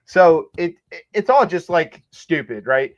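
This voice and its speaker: A man co-hosts a comedic news podcast, his voice on the high side, expressive and unhurried. The talk is casual, comedic news chat, rambling and sarcastic with plenty of fillers. The recording sounds dull and lo-fi.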